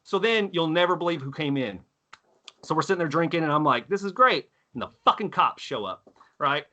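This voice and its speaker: A man in his thirties from Texas, telling stories on a podcast, profane and animated as he acts out quotes. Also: on the high side, a little fast. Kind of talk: casual storytelling chat.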